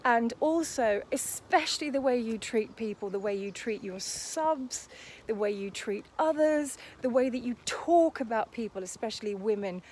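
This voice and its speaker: A woman's voice: on the high side, animated, moderate pace, a little mellow, slight background noise. A woman vlogging outdoors as she walks, ranting in a sarcastic, scornful tone. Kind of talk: casual to-camera rant. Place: outdoors, walking.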